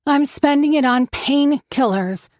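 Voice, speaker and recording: A bitter, desperate young woman begging and lashing out in a higher, slower voice, as a female reader puts her on. Her words come pleading, then turn sharply accusatory. The sound is dry and close, with no room around it. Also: lively intonation, no echo.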